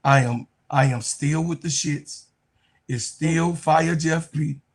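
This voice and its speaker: Husky man in blunt sports talk. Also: on the high side, takes it slowly. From Chicago. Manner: blunt, profane, talks over himself. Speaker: co-host.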